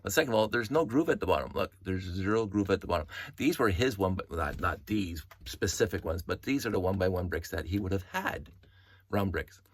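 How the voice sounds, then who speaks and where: A middle-aged man excitedly showing toy pieces from his collection, talking in a rambling way with many restarts and tangents. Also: deep voice, fairly quick, breathy edge. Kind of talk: casual show-and-tell vlog.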